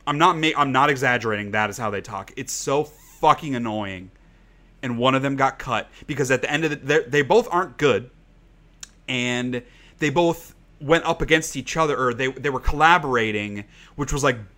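Podcast guy just chatting, bright forceful voice, swears a lot, says like constantly. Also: medium pitch, expressive, moderate pace. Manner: rambling, swears freely, many "like" fillers. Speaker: podcast co-host. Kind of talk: casual chat.

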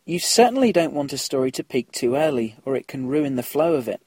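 A man's voice: mid-range voice, very animated, fairly quick, a little mellow, slightly rough, no room sound. A man hosting a casual podcast, chatting through listener emails and laughing at his own slips.

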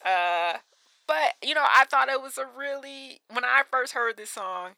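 A woman in her thirties with a very bright, high voice, co-hosting a casual podcast. She talks animatedly with lots of fillers and quick laughs. The sound is dry and close to the mic. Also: expressive, vocal fry, dry recording. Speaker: podcast co-host. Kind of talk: casual chat.

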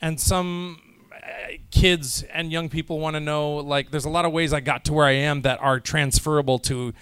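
A man's voice: fairly high pitch, steady tone, moderate pace, a bit bright, smooth, no room sound. A tired, jet-lagged man speaking casually to a live audience at a convention panel, rambling and joking with many restarts. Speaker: convention panel guest, voice actor. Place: convention hall panel room.

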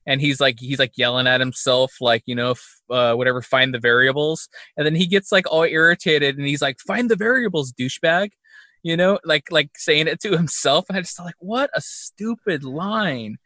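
Bright, dry-sounding young man. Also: on the high side, normal speed, few pauses, no room sound. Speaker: podcast co-host. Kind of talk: casual movie review chat.

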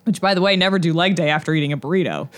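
Chatty young woman, lowish voice. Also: very fast. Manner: chatty, animated retelling with fillers. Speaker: podcast co-host. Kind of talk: casual chat, storytelling.

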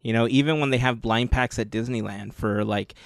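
A man's voice: mid-range voice, fairly even intonation, fairly quick, creaky, dry recording, studio quality. A man hosting a podcast, reading sponsor notes and then chatting casually with fillers and restarts. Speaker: podcast host.

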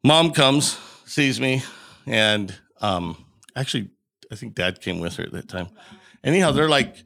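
Podcast guest, middle-aged man from Colorado, gravelly and bright, animated storyteller. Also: mid-range voice, normal speed. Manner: animated storyteller acting out quoted dialogue. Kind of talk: storytelling in an interview.

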